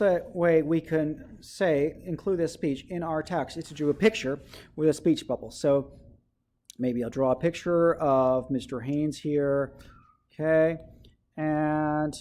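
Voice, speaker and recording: A man's voice: fairly high pitch, warm tone. A male teacher giving a writing lesson to children, explaining step by step and often checking in with "okay?".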